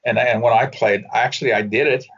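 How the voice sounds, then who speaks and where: A man's voice: mid-range voice, steady tone, brisk, a bit bright, husky. An older man, a former baseball hitting coach, telling rambling anecdotes with restarts and laughs in a casual interview. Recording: dull lo-fi audio.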